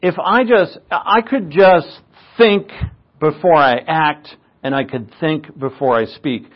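A man's voice: on the high side, takes it slowly, muffled recording. A man preaching a conversational sermon, with joking, self-mocking asides.

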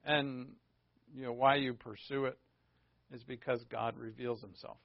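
In a dull, dry, lo-fi recording without echo, a male pastor gives a conversational sermon full of rhetorical questions and casual asides. He speaks unhurriedly in a steady, creaky, medium-pitched voice.

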